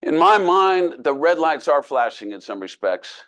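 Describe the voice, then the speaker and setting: Older male keynote speaker, slightly high voice, self-deprecating storyteller with a folksy humor. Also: sing-song, measured pace, a bit bright. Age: 60s.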